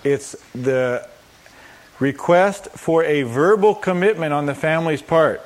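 A man's voice: on the high side, a little slow. A man preaching a sermon as a pastor. He poses rhetorical questions and answers them, acts out quoted voices and adds humorous asides.

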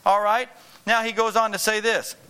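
A male preacher with a high, bright, ringing voice delivers a sermon. He drives points home by repeating phrases and keeps asking the room whether they are following. The delivery is emphatic and direct. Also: flat delivery, moderate pace, smooth. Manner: emphatic, repetitive, calls for congregation responses.

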